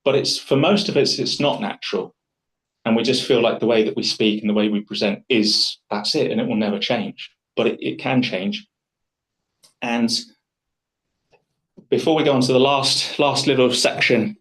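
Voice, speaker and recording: Speaking to a group in a room, a man with a middle-pitched voice runs a public speaking workshop. He's chatty and enthusiastic, often rambling and restarting sentences as he goes, and the recording is rough.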